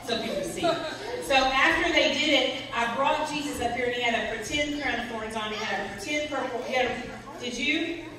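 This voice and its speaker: High-voiced lady running the kids' bit at church, big echoey room, mic far off, some noise. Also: brisk, crowd noise. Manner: animated, directs children aloud. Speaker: children's ministry leader. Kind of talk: lively children's message in a church service. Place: church sanctuary. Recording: echoey hall, distant mic, background noise.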